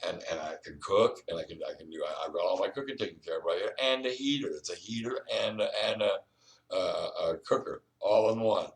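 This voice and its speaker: Brief: low-voiced man, rapid and rambling, repeats "you know what I mean", preachy, sits back from the mic. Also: lively intonation, far from the mic, rough recording. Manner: repetitive, restarts often, keeps saying "you know what I mean"; earnest and preachy, urging the listener. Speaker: vlogger. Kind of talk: rambling personal monologue. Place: indoors at home.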